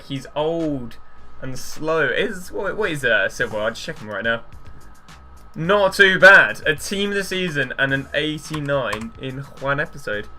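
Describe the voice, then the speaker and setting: Young guy rambling thru pack openings, really bright voice, bit of music under it. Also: a little high. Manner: excitable, chatty, rambling, gets loud at walkouts. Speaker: gaming YouTuber. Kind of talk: casual pack-opening commentary.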